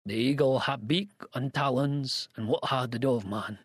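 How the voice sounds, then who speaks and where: Old Scottish man, voiced by a male narrator: furtive, wheedling, superstitious, a husky hush. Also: medium pitch, unhurried, no room sound, studio quality. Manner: hushed, wheedling dialect speech.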